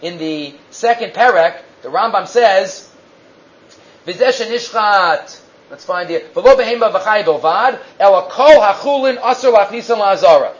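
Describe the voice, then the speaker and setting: A man with a high voice gives a Talmud lecture. He talks in an animated way, stops and restarts now and then, and puts on raised voices for the quotes. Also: breathy edge, highs cut off. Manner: halting with fillers and restarts. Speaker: Talmud teacher.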